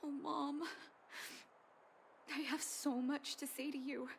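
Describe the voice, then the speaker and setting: Gentle caring daughter. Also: female voice, high-pitched, little pitch movement, slow pace, creaky, a little hiss or hum, heavily acted. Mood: tender. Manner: gentle, earnest, apologetic. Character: caring grown daughter, soft-spoken and emotional. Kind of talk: video game voice acting.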